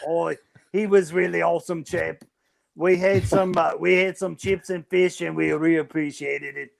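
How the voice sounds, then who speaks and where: A man's voice: fairly high pitch, fairly even intonation, normal speed, creaky. A man voicing a goofy comic Jesus figure in a mock-British put-on accent. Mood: silly. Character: goofy returned Jesus, male, jokey accents.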